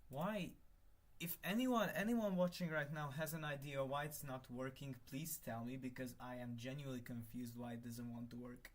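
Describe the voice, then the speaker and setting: A young man live-streaming while he works at his computer, thinking out loud, muttering to himself and swearing when things break. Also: medium pitch, fairly even intonation, fairly quick, few pauses. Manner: thinks aloud, mutters, swears, exasperated then laughing. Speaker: conlang streamer.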